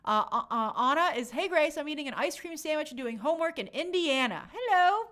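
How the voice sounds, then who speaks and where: A young woman hosting a casual live stream, reading viewer comments aloud and chatting in an animated way with many fillers. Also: sits high, a little fast. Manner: chatty, animated, lots of fillers and quoted asides.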